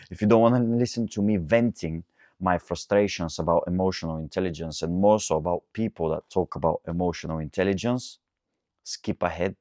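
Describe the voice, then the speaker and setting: A man with a very deep voice hosts his own podcast alone and vents about what annoys him. He talks casually, breaks off to correct himself, and speaks into a dry, close microphone with no room sound. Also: no echo. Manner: ranting, animated, self-correcting. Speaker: podcast host and coach. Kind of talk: solo podcast monologue.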